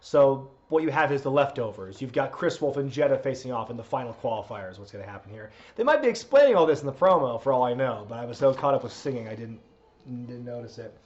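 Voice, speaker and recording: A man's voice: mid-range voice, animated, fast talker, darkish tone, muffled recording. A man hosting a live wrestling watch-along stream, chatting casually, laughing, and reading out viewer requests. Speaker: streamer host.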